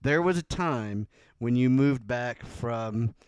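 A man hosts a casual music podcast, wandering through his thoughts with lots of "like" and restarts. His voice is smooth and resonant. The sound is dry and close, with no room around it. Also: medium pitch, expressive, slow pace, no room sound. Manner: rambling, full of "like" and restarts. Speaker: podcast host.

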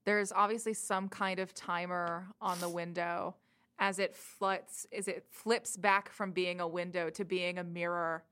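Calm, low-voiced woman game master. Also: a little slow, clean tone. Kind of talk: narrating a tabletop game.

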